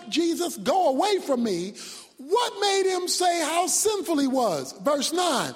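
A man preaching a sermon as pastor, swinging from loud shouts down to near-whispers. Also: very high voice. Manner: preaching with sudden shouts and drops to a hush. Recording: long hall reverb.

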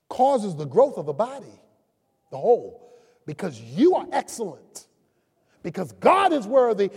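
A man's voice: very high-pitched, mellow, slightly rough. A man preaching a sermon as pastor, emphatic and calling out key words to his congregation. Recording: long reverb of a large hall.

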